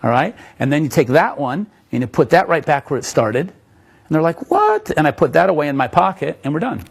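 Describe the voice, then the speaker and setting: A man's voice: a little high, expressive, a little fast, gravelly, breathy edge. A man giving a live magic lecture, playful and joking with the audience as he demonstrates tricks.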